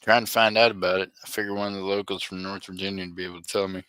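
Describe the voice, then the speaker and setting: A man's voice: low-pitched, level tone, very fast, sharp tone, clear, resonant tone, no echo. A man hosting a casual live stream, chatting with viewers by name in rambling, joking, slangy banter and laughing often. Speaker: livestream host.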